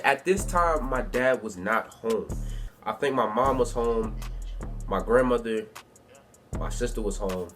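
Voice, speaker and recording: A man's voice: medium pitch, fairly bright tone. A young man telling a story from his life in a casual, rambling way at home, full of slang and filler phrases. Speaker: youtuber. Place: bedroom at home.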